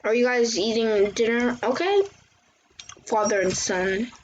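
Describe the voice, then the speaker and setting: Slow-talking high-voiced woman playing a game. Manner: chatty, exclaiming and reacting to the game. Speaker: gameplay channel host. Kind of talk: casual gameplay commentary. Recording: muffled lo-fi recording with faint hiss.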